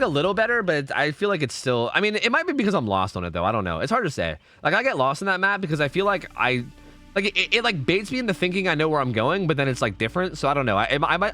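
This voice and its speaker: A man's voice: a little high, sharp tone. A young man streaming a game, talking casually and rambling with his viewers, swearing freely.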